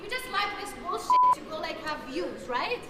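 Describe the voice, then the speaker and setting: A woman in a filmed street argument, shouting furious insults. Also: very high voice, expressive, normal speed. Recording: noisy clip played from a street video.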